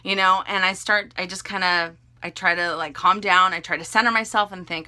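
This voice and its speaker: Bright-voiced woman telling a storytime vlog. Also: on the low side, a little fast, few pauses. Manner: chatty and animated, laughing often, restarting sentences. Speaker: beauty vlogger telling a story.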